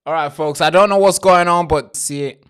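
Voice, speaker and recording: A man's voice: a little high, moderate pace, fairly bright tone, clean tone. A man hosting a live stream with commentary, talking straight to his viewers, swearing freely and often repeating himself or restarting phrases.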